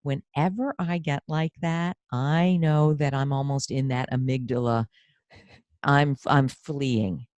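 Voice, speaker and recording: A woman's voice: rumbling low, takes it slowly, no echo, highs cut off. Effusive woman hosting a podcast. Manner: effusive and animated, tells personal anecdotes. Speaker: podcast host and career coach. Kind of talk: conversational podcast interview.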